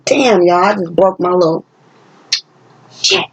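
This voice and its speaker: A woman with a husky, breathy voice talks straight to her camera in a chatty, emphatic way. She is giving a tarot reading to her viewers. The recording is dull and lo-fi. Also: fairly low pitch, a little fast, pauses often. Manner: chatty and emphatic, sings snippets of songs. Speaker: tarot reader. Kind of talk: casual spiritual reading vlog. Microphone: camera she set up herself.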